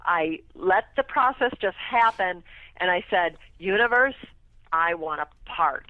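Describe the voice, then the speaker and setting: A woman telling a lively story as a guest on a radio talk show, laughing often as she talks. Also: fairly low pitch, unhurried, no room sound. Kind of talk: casual storytelling interview. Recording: tinny phone line, dry.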